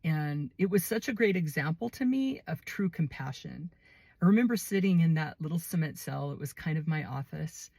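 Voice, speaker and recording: A woman's voice: sits low, animated, moderate pace, creaky, a little mellow, no echo. A woman who works in mental health, earnestly telling a heartfelt personal story in a conversational way. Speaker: mental health worker, formerly in prison reentry.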